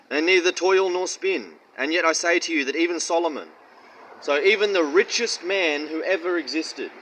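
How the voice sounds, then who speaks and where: A man's voice: on the high side, normal speed, fairly bright tone, slight background noise, rough recording. A man giving casual Bible teaching in a blunt, profane, mocking way and rambling slang. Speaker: street-style preacher.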